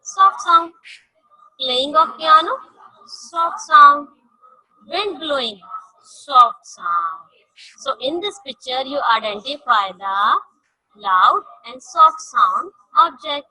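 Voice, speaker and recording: A high, bright woman's voice with a husky edge. She teaches a children's science lesson slowly, repeating words and leaning on each key point. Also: very animated, low-quality recording. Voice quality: non-native English grammar. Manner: slow, repetitive, emphatic teaching.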